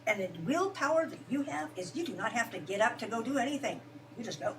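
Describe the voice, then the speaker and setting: A woman in a casual conversation, a mother telling heartfelt stories at a quick pace. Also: fairly high pitch, animated. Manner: heartfelt, fast-paced storytelling. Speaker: guest, mother. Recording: distant mic with noise.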